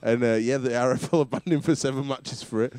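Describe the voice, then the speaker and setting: A man's voice: mid-range voice, fairly even intonation, quick pace, a little mellow, clear, resonant tone, dry recording. A man hosting a casual rugby chat show, bantering and laughing often. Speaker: talk show host.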